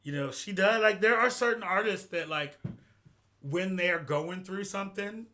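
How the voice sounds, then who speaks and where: Podcast co-host guy, kinda high bright voice, tells stories all animated. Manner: animated, quick storytelling with expressive quoted asides. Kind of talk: casual chat.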